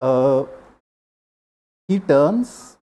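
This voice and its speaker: A man's voice: medium pitch, animated, very slow, mellow. A man, a channel host telling a personal story in a casual, emotional way with many hesitations.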